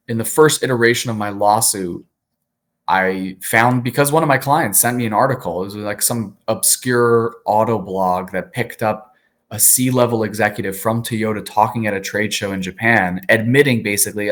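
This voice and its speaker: A man who is an attorney, speaking as an interview guest, candid and animated with frequent fillers. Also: lowish voice, moderate pace.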